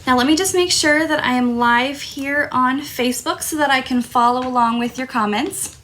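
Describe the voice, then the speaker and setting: A woman's voice: high-pitched, moderate pace, fairly bright tone. A woman hosting a live crafting stream, talking casually and apologizing as a throat tickle keeps making her cough. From Tucson, Arizona. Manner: apologetic, chatty. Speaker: crafting host.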